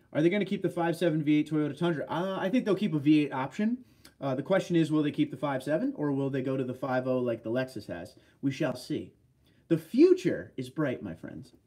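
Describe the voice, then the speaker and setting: A man hosts a relaxed livestream, answering viewer comments one after another. His voice sits a little high for a man but sounds dark and mellow. He keeps things chatty and friendly, greeting people by name. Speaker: livestream host. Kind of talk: casual livestream chat reading viewer comments.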